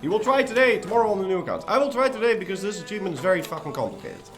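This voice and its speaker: A man's voice: sits high, animated, rapid-fire, soft background music. A young man casually chatting while live-streaming a strategy game, rambling and joking and swearing freely.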